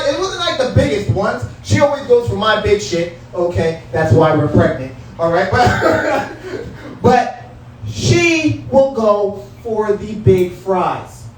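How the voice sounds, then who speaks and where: A high-voiced man works the room with a loose, swearing stand-up set. His voice rings in a very echoey small club and is caught from a distance, with a faint hum behind it. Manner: profane, loose, talks straight to the crowd. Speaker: stand-up comedian. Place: small comedy room at a cannabis lounge. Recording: very echoey room picked up from afar.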